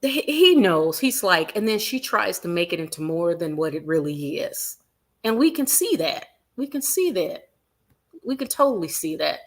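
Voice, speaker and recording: A woman hosting a celebrity gossip livestream, animated and emphatic, repeating her points and reading viewer comments aloud. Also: fairly low pitch, moderate pace. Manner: animated, acts out quotes in other voices, reads viewer comments aloud; emphatic repetition.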